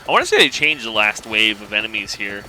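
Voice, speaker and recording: Man, gameplay commentary, lowish voice, very sharp bright tone, rambling casual talk. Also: quick pace, slight background noise, poor audio. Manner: thinking aloud, relaxed and rambling. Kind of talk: casual let's-play commentary.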